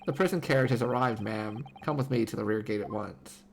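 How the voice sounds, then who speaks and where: Streamer putting on a curt formal official, lowered pitch, gravelly. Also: brisk, a little hiss or hum, lightly acted.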